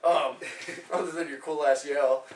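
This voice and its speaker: A man's voice: a little high, a little slow, a little hiss or hum. A young man co-hosting a casual podcast, telling rambling, profane stories and acting out the people in them. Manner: profane, animated storyteller acting out quotes. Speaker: podcast co-host. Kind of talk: casual chat, storytelling. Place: room shared on a couch. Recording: echoey room, far from the mic.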